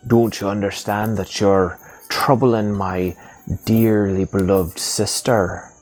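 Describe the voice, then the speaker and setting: A man's voice: on the low side, fairly even intonation, slow, darkish tone, soft background music. A man voicing a smug, dismissive male halfling who curtly orders someone away. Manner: curt, dismissive.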